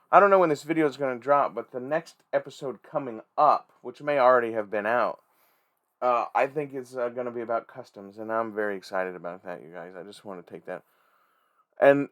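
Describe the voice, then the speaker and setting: A man hosting a casual toy-collecting vlog, rambling and swearing freely with excitable energy. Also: medium pitch. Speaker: toy collector and channel host.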